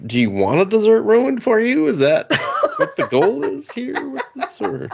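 A man's voice: high-pitched, huge pitch swings, moderate pace, gravelly, darkish tone, slightly rough, dull audio. A man co-hosting a podcast, making crude, mock-disgusted comic rants full of swearing. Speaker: podcast co-host. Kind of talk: casual chat, comic commentary.

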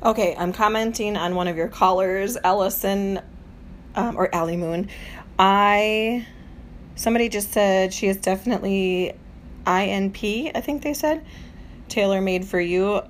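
Female caller, curious and unsure, mid-pitch. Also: a little slow, slight background noise. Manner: curious, hesitant. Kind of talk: voicemail message.

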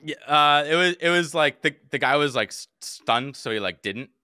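A young podcast co-host, voice on the high side and resonant, speaks at a moderate pace on a clear, dry, clean studio recording. In casual chat he tells an animated story, swearing often as he acts out what people said.

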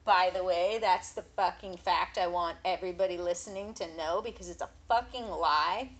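A woman's voice: fairly low pitch, moderate pace, rough recording. A woman in casual podcast chat, talking frankly and thinking aloud, swearing often.

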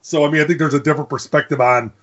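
A man in a casual film chat rambles in an animated way, with frequent restarts and asides. His voice is husky and fairly high. The audio sounds slightly dull. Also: rapid-fire. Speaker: podcast co-host. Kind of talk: casual movie discussion.

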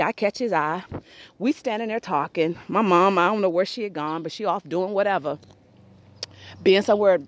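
A woman in her forties telling a funny family story in a casual, animated way, laughing often and acting out voices. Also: medium pitch. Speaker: host.

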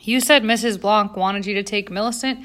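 A woman voicing a kind young governess who speaks in a gentle, comforting, teasing way. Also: mid-range voice, moderate pace, natural voice.

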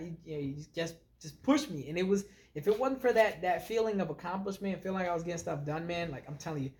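A man's voice: high-pitched, quick pace, hardly any pauses. A man co-hosting a podcast, telling stories animatedly in casual chat with many fillers. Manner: animated, storytelling, filler-heavy. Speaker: podcast co-host.

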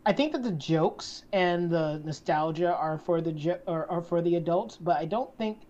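A woman's voice: lowish voice, normal speed, dark tone. A woman co-hosting a podcast, talking through her thoughts on a movie with frequent restarts. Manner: thoughtful, restarts sentences, hedging. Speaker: podcast co-host. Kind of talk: casual chat. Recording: slightly dull lo-fi sound.

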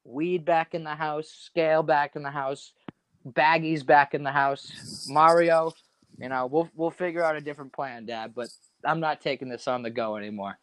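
A young adult man casually telling a wild story, animated and slangy, saying "dude" a lot. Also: fairly high pitch, moderate pace.

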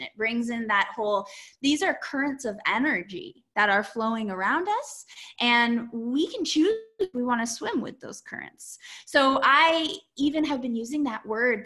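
Bright, lively woman explaining astrology. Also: on the high side. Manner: animated, laughs often, acts out quotes. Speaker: astrologer guest. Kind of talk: explaining in an interview.

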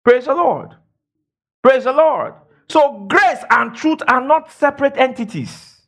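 A man's voice: expressive, measured pace, fairly bright tone. A man preaching a sermon and teaching the Bible, asking the congregation questions and filling his talk with "praise God" and "all right". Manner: emphatic, swoops between high and low.

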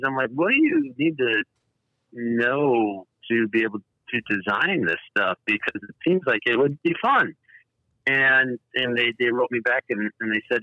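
A man's voice: medium pitch, no echo. A man with a noticeable stutter talks casually about his work, circling back over words before finishing a thought. His voice comes through a muffled, slightly lo-fi call. The sound is dry, with no room around it. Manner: stutters, halting with repeated words. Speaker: guest, pedal designer. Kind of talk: casual interview. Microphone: remote call. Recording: dull dry call audio.

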